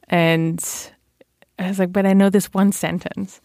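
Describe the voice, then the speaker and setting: German-accented woman guest, middle-aged, gravelly voice, anecdotal and chatty. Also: fairly low pitch, little pitch movement, normal speed, a little mellow, no echo, studio quality. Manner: chatty storytelling with fillers and laughs. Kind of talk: casual interview chat.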